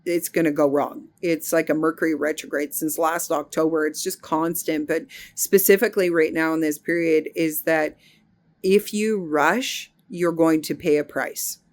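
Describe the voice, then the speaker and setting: A middle-aged woman speaks in a somewhat low voice, sharing a reflective spiritual monologue. She is earnest and unhurried, and she often restarts a phrase as she searches for the right word. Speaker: spiritual healing teacher.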